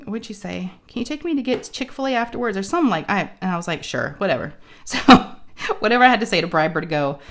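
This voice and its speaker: A woman's voice: lowish voice, fairly bright tone. A woman with a sore throat, telling a story in casual chat and acting out the people she quotes. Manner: chatty, acts out quoted dialogue. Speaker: crafting channel host.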